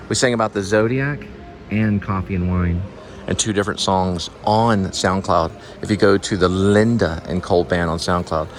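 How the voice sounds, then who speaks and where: A man's voice: sits low, a little hiss or hum. A man vlogging casually as he walks through a shopping mall, rambling and thinking aloud. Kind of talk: casual walking vlog.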